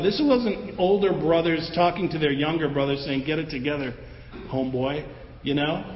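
A man preaching a sermon in a conversational, animated way, acting out the voices of the people in his story. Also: high voice, a little hiss or hum. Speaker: pastor. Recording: roomy hall with long echo, dull sound, faint ambience.

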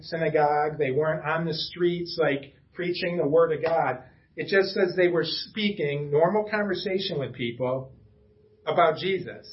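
A man preaches a casual sermon to a small church gathering. His voice sits a bit higher than usual, and he delivers it conversationally, with homey asides and stumbling restarts. The recording is muffled and lo-fi. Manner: casual and chatty, with self-deprecating asides and frequent restarts. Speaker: pastor. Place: church room with a small congregation.

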